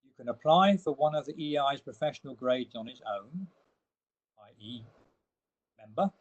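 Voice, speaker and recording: A man's voice: medium pitch, animated, moderate pace, poor audio. A man giving a webinar slide presentation, explaining each step and leaning hard on the key words. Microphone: online webinar audio.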